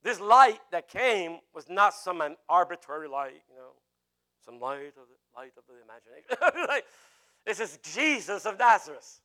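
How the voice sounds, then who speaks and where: A man's voice: sits high, very animated, moderate pace, bright, forceful tone. A man preaching a sermon emphatically, repeating phrases and chuckling as he goes.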